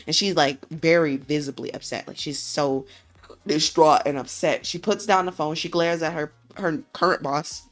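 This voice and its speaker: Rambling woman streamer with a low voice. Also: moderate pace. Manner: rambling, filler-heavy storytelling. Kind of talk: casual chat, retelling a dream.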